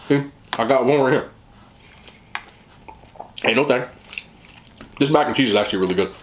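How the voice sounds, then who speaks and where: A man's voice: medium pitch, moderate pace, echoey room, slight background noise. A man hosting a casual eating vlog, chatting with his mouth full about the food. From West Indian family. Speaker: mukbang host.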